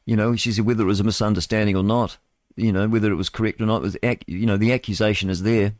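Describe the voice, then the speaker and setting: Nz radio guy, lowish voice, rambling and mocking, dry close mic. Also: fairly even intonation, rapid-fire, darkish tone, dry recording. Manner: rambling, mocking, chuckling asides. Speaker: radio host. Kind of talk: solo talk radio commentary.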